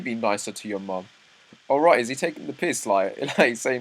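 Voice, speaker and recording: Man, lowish voice, live reaction read-through, excited asides, restarts. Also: brisk, low-quality recording. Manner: reads dialogue aloud, breaks off into excited asides, stumbles and restarts. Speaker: manga reaction host.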